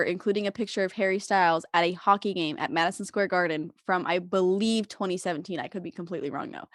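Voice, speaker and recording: A woman's voice: mid-range voice, a bit bright, no room sound, studio quality. A young woman co-hosting a podcast, telling a long story in casual chat, full of "like" and laughter. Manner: rambling storyteller, heavy use of "like", frequent laughter. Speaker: podcast co-host.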